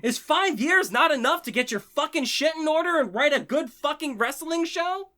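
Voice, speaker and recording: A man's voice: very high voice, animated, moderate pace. Fired-up, profane man ranting animatedly. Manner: profane, heated, swings from sarcasm to shouting joy. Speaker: channel host. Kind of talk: impassioned ranting vlog.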